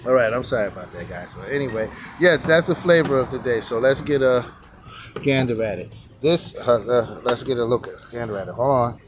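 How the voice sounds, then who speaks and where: A man's voice: mid-range voice, a little fast, noisy background. A man running a sidewalk tea stand, casually teaching characters in a rambling vlog and counting strokes aloud. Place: outdoor sidewalk stand by a street.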